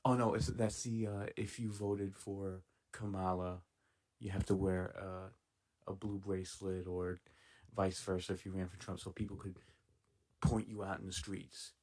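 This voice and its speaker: A man's voice: sits low, level tone, moderate pace, a little mellow. A man giving casual, sarcastic, profane commentary while reacting to clips. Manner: sarcastic, swearing, laughing asides.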